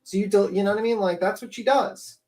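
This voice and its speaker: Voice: mid-range voice, fast, warm tone, poor audio. A panelist on a livestream giving casual, rambling commentary full of swearing and filler words. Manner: profane, rambling, lots of fillers. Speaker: panel guest.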